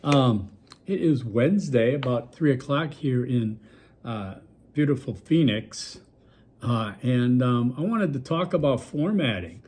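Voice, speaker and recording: A man's voice: mid-range voice, lively intonation, measured pace, a little mellow, slight background noise. Guy from milwaukee talking to his class on video, laid back, lots of ums and okays. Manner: casual, rambling, lots of fillers and check-ins. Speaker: college instructor. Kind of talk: recorded video lecture.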